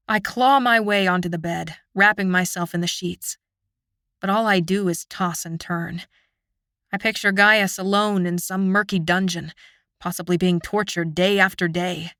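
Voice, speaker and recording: A woman's voice: on the low side, fairly bright tone, dry recording, clean studio sound. A woman reading a fantasy novel aloud in the first person, tense and earnest. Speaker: audiobook narrator. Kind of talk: scripted first-person narration.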